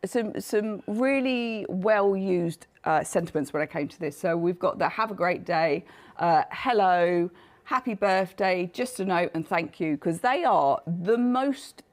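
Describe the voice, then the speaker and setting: Hoarse woman presenting crafts. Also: fairly low pitch, expressive, unhurried. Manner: chatty, self-deprecating, laughs often. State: coughing, losing her voice. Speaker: craft designer presenting her collection. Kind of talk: live shopping show presentation.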